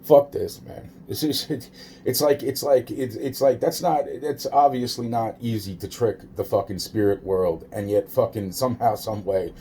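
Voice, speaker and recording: A man's voice: medium pitch, fairly even intonation, moderate pace, mellow, a little hiss or hum. A man telling a rambling personal story, swearing often and restarting his sentences. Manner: profane, rambling, many restarts and repeated fillers.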